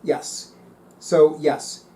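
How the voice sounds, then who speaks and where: A man's voice: a little high, steady tone, very slow, warm tone, slight background noise. A middle-aged man reading tarot articles aloud and musing on them in a casual, chatty way. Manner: musing, reads aloud then comments. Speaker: tarot reader.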